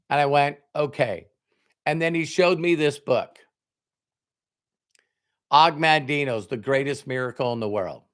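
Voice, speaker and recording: A man's voice: mid-range voice, unhurried, pauses often. A man giving a motivational talk, telling a personal story with emphatic quoted dialogue. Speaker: motivational speaker.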